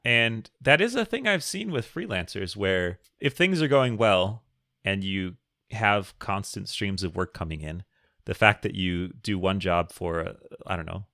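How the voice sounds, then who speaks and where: A man's voice: low-pitched, vocal fry, bright, forceful tone, dry recording, clean studio sound. A man co-hosting a casual podcast, joking around and reading listener questions aloud. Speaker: podcast co-host.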